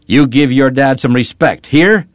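Man doing a bitter old-world dad, curt and gruff, low voice, swings from quiet to loud. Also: very animated, a little slow, dry recording, studio quality. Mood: softened. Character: grieving gruff father, bitter and proud.

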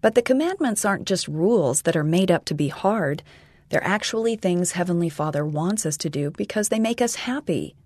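A man voicing a patient, gentle mother who calmly explains things to her young son, in a storybook reading. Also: high-pitched, a little fast, dry recording, pitched above the performer's own voice.

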